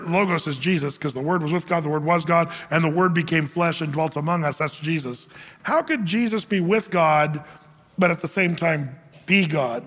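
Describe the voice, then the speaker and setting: A man's voice: high-pitched, a bit bright. A man preaching a sermon from a church stage, talking in a conversational, joking way and asking rhetorical questions. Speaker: pastor. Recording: long reverb of a church hall.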